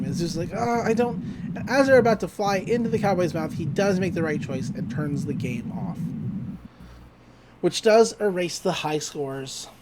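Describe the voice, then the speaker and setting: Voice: medium pitch, noisy background. Chatty podcast host recapping a cartoon. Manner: chatty, giggly, full of "uh" and "like"; acts out characters' lines while retelling. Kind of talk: casual episode recap.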